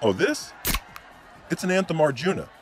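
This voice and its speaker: A man's voice: fairly high pitch, sing-song, normal speed, music in the background, pitched above the performer's own voice. A man putting on a chummy young male bar-bro voice for a comedy ad bit.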